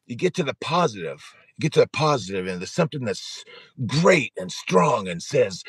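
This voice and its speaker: A man's voice: medium pitch, sing-song, moderate pace, slightly rough, no room sound, studio quality. A man in his forties hosting a live-streamed support group talk, speaking earnestly and repeating his points, often chuckling.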